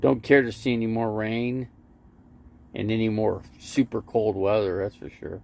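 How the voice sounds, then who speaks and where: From inside an RV parked in a lot, a man hosts a casual livestream, rambling between stories and reading viewer comments aloud. His voice is fairly low and creaky with a darkish tone, moves little in pitch, and keeps a normal speed.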